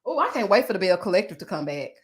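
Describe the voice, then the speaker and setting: A woman recapping a reality show on her channel, chatting loosely with viewers, reading their comments aloud and laughing often, with drawn-out endearments. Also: medium pitch, very animated, breathy edge. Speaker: TV recap YouTuber. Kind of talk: casual recap commentary reading live chat.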